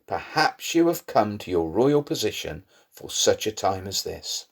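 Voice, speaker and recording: A man tells a Bible story to primary-age children, slowly and with lots of expressive rises and falls in his voice. His tone is slightly husky, and he leans into key words to keep young listeners hooked. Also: lowish voice. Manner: lively, expressive storytelling with rising emphasis.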